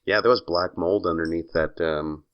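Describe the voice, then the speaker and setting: A man's voice: low-pitched, fairly even intonation, moderate pace, lo-fi sound. A man co-hosting a podcast in casual chat, telling stories in a wry, teasing way. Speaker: podcast co-host.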